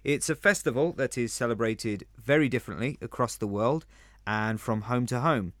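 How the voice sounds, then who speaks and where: A man's voice: medium pitch, moderate pace, a bit bright, no room sound. A man from London co-hosting a podcast, explaining customs with dry humour. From England (London). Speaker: podcast co-host. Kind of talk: casual scripted podcast chat.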